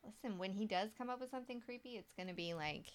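A woman's voice: mid-range voice, fast. A woman co-hosting a casual podcast, reading listener stories aloud, laughing often and swearing freely. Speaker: podcast co-host.

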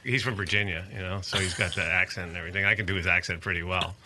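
An earnest man guesting on an interview tells animated stories in a casual, loose way. His voice is bright and forceful, a little low in pitch, and faint noise sits behind it. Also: very fast. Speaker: guest, musician and advocate.

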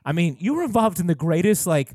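A man's voice: high-pitched, very animated, fast talker, darkish tone, dry recording, studio quality. A man hosting a casual interview, asking eager, loose questions that are full of fillers and restarts. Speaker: podcast host.

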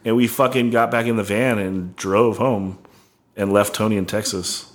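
Man, low voice, young, rambling casual storytelling, lots of "like" and swearing. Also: fairly even intonation, normal speed. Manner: rambling, heavy on "like", swearing, laughing. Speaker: band member telling a tour story.

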